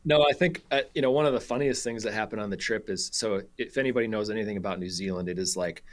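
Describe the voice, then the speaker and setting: A man's voice: fairly low pitch, fast. A man guest on a radio show, telling a story casually with many fillers and frequent laughs.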